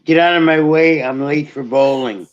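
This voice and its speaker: A man's voice: fairly high pitch, moderate pace, highs cut off. A man joining a casual live-stream chat, mostly short remarks and questions. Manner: brief interjections, asks questions.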